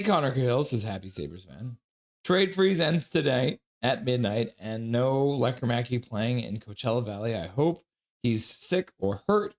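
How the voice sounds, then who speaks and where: Sniffly guy hosting a live stream, reads chat out loud and says hi to everyone by name, voice bounces all over. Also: mid-range voice. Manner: chatty, reads chat aloud and greets viewers by name. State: sniffly, with a runny nose. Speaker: livestream host. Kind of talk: casual live-stream chat reading viewer comments.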